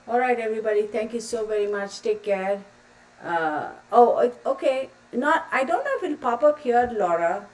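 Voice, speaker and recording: A woman's voice: fairly high pitch, expressive, moderate pace, a little mellow. A woman hosting a livestream and answering viewer comments, calling people sweetheart and getting emotional. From Texas. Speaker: livestream host. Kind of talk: casual livestream chat, reading viewer comments. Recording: distant mic with faint background noise.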